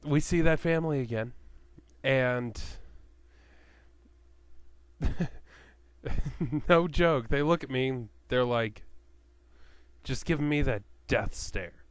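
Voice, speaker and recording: A man's voice: mid-range voice, slow, pauses often, clear, resonant tone, no room sound. A man telling a profane, sarcastic rant to his webcam as a vlogger, swearing freely as he tells stories.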